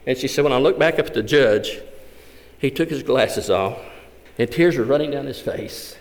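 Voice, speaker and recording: A man, a visiting Gideon speaker giving a fervent testimony sermon in a church. He tells the story with big swings between loud and hushed. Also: medium pitch, moderate pace. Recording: echoey hall.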